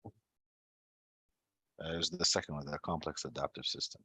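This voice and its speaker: Deep-voiced man thinking aloud, dry sound. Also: fairly even intonation, measured pace, pushed and bright, breathy edge. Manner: questioning, thinks aloud, echoes answers. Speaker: student. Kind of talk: casual tutoring session.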